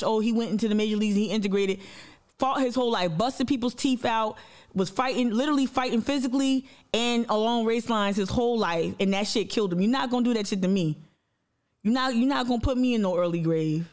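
A woman hosting a livestream, giving a blunt, impassioned monologue full of profanity and repetition, speaking straight to her audience. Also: a little high. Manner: addresses the audience directly and reads viewer comments aloud. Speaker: livestream host.

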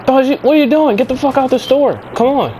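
A man's voice: medium pitch, expressive, a little fast, a little mellow, a little hiss or hum, close to an everyday voice, rough recording. A man playing a driver in an improvised game skit, exasperated and profane, muttering to himself. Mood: scolding.

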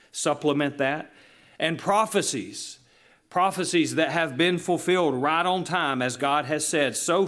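A male pastor delivering a sermon in a church, earnest and illustrative, slowing down to stress key lines. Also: a little high, a bit bright. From Southern United States. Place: church sanctuary.

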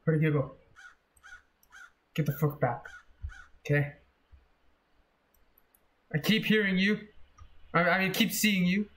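A young man commentating a horror game, jumpy and swearing, often yelling in fright. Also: sits high, slow pace, long pauses. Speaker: gaming video creator.

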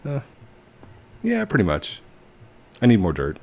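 A man hosting a casual game session, playful and quick to laugh, talking to the characters on screen. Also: fairly low pitch, wildly swooping pitch, gravelly, a little mellow. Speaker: gaming channel host. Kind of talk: casual let's-play chat.

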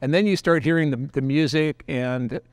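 A man's voice: fairly high pitch, moderate pace, smooth, no room sound. An older male guest actor, unhurriedly telling a vivid memory from decades ago. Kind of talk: relaxed storytelling.

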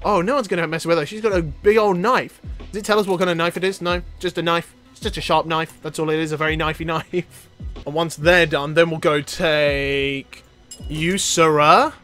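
A man commentating on a strategy game, playful and excitable, laughing often and talking to the characters. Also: a little high, normal speed, faint music behind. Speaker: gameplay video host. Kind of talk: casual let's-play commentary.

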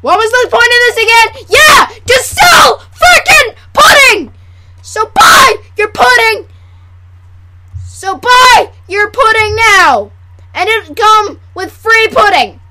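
A woman putting on a hyper male pitchman selling pudding in a mock commercial, shouting frantically. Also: animated, moderate pace, hardly any pauses, full character voice. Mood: manic shouting.

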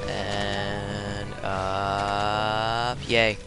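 Teen guy rambling over his game on a headset, slow and jokey, game music behind. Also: on the low side, completely flat delivery. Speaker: let's play host. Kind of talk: casual gameplay commentary.

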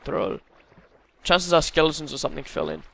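A man's voice: on the high side, sing-song, moderate pace, gravelly, noisy background. An English man hosting a let's play, chatting casually and teasing his co-player. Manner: joking, teasing banter. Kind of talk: casual gameplay chat.

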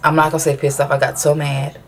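A woman's voice: sits low, little pitch movement, fast. A mother venting in a personal vlog, rambling and frustrated, with many restarts as she asks viewers for advice.

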